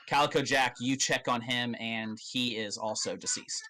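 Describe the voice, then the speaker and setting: A man narrating as game master of a tabletop game, in a loose, halting way with many fillers and casual swearing. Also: mid-range voice, pushed and bright, rough recording.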